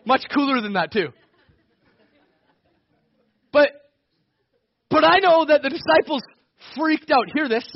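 A man preaching a sermon in a lively, conversational way, with bursts of shouting and frequent laughs. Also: very high voice, takes it slowly, pauses often, lo-fi sound. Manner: conversational, with laughs and self-corrections. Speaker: pastor.

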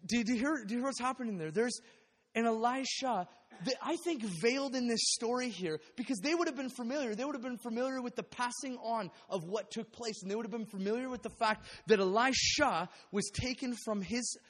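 A man preaching a sermon, animated and acting out the voices of the people in the story. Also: very high voice, brisk. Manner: animated, acts out biblical voices. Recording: long hall reverb.

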